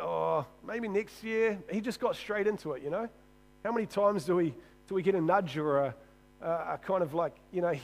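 A man with a fairly high voice preaches a sermon in a church. He keeps it casual and jokey, restarting and repeating words as he goes. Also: low-quality recording.

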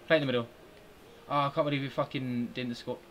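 A young British man streams a football video game, giving live commentary and swearing at his players as he talks to them. His mid-range voice is steady, fast, and slightly bright.

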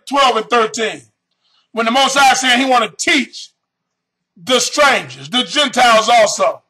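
A man preaching with a very high, bright and forceful voice. He draws out scripture verses slowly, then punches key phrases in sudden shouts and throws questions straight at the congregation. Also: expressive, rough recording. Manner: fiery, reads scripture slowly then bursts into shouted emphasis; addresses the audience directly with questions. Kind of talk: sermon.

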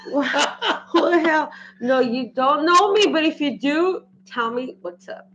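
A woman's voice: high-pitched, slow pace, dull audio, crowd noise. A woman talking frankly as a guest on a casual livestream, laughing easily and swearing now and then.

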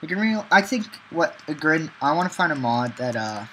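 A man's voice: on the high side, very animated, moderate pace, a bit bright, a little hiss or hum, low-quality recording. A man giving rambling gameplay commentary, talking to himself with many ums and chanting single words over and over. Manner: talks to himself, frequent ums. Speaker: gameplay video maker.

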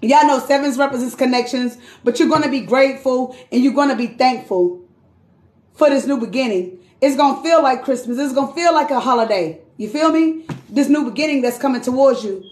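High-voiced swearing tarot reader, echoey room. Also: female voice, a little fast, darkish tone. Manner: chatty, blunt, swears freely, calls listener queen and sis. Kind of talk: casual live tarot reading.

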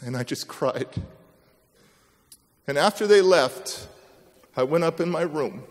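A man's voice: a little high, expressive, slow pace. A man giving a motivational speech, telling a personal story dramatically and acting out the people in it. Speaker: motivational speaker. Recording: long reverb of a large hall.

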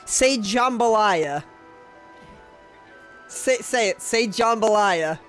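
A woman's voice: mid-range voice, expressive, slow pace, faint music behind. A woman streaming a game and bantering with a friend, joking, teasing and swearing freely. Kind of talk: casual gaming stream banter.

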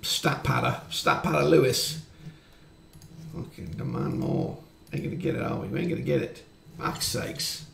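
A man commentating on his football management game, chatty and quick to swear when frustrated. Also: medium pitch, vocal fry, fairly bright tone, roomy sound, a little hiss or hum. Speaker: gaming YouTuber. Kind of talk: let's-play commentary.

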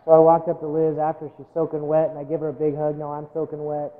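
A man with a notably high voice preaches in an earnest, heartfelt way, repeating himself as his feelings rise. The sound is thin and phone-like, as if it came down a narrow line. A long reverb trails behind every phrase, like a large sanctuary. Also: completely flat delivery, fast talker, soft background music. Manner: earnest, emotional, repeats words when moved. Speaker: missionary preacher. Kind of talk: sermon storytelling. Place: church sanctuary.

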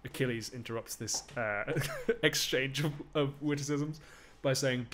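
A man's voice: medium pitch, measured pace, a bit bright, a little hiss or hum. A man live-streaming a Shakespeare reading for charity, breaking off for chatty, joking asides to his viewers.

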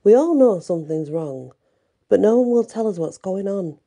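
A woman's voice: medium pitch, lively intonation, moderate pace, warm tone. A woman reading the lines of a concerned male prisoner asking a plain question.

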